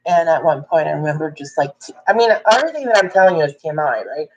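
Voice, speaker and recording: A young adult woman telling a personal story in a casual, chatty way, jumping up in pitch when she quotes people. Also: fast, rough recording. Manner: chatty, animated when quoting others. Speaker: vlogger.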